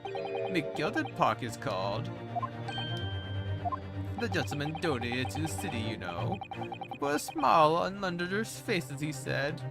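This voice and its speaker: A man's voice: fairly high pitch, vocal fry. A man voicing a kindly, gossipy elderly woman juror who rambles and calls people dear. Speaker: VTuber playing a game aloud. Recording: loud game music behind.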